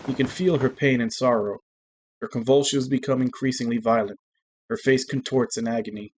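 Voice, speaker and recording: A man streaming a game, reading its story text aloud in a measured, earnest way. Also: mid-range voice, fairly even intonation, a little hiss or hum.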